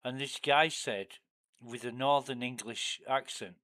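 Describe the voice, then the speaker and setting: Guy streaming a game, rambly and sweary, mid pitch voice, mumbles a lot. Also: fairly even intonation, a little slow, pushed and bright. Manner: rambling, profane storytelling, often mumbled and low. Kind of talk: casual livestream chat.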